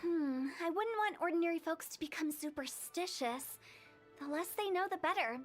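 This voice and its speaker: A woman's voice: extremely high pitch, normal speed. A woman voicing a playful, bossy young female funeral director in a video game, teasing and self-assured. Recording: game audio with faint music.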